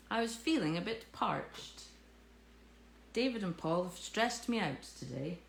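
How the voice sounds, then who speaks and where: A woman's voice: fairly low pitch, very animated, takes it slowly, vocal fry, long pauses, a little hiss or hum. A woman teaching cake decorating in a live tutorial, chatty, jokey and self-mocking as she works. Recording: echoey room with faint ambience.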